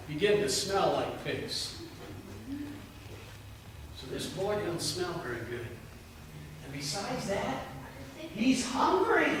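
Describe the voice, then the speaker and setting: Lively high-voiced guy telling a bible story to kids, bright tone, big echoey church, mic a bit far. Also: slight background noise. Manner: animated, playful, asks children questions. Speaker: pastor giving a children's message. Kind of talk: storytelling to children. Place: church sanctuary. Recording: echoey church hall from a distance.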